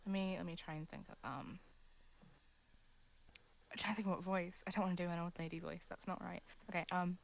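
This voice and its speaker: A woman's voice: fairly low pitch, fairly even intonation, a little fast, creaky, pauses often, poor audio. An American woman playing a tabletop game with friends, flustered and self-deprecating in casual chat. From United States. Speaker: player.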